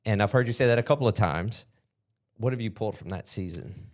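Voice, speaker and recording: A man's voice: fairly low pitch, fairly quick. A man hosting a podcast interview, asking reflective questions and affirming what his guest says. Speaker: podcast host. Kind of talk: casual interview chat.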